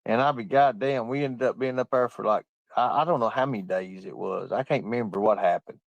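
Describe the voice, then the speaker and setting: A man's voice: medium pitch, brisk, gravelly, dry recording, muffled recording. A man telling profane stories through bursts of laughter while he chats on a livestream and reads out comments. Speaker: livestream host. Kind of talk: casual livestream chat reading comments.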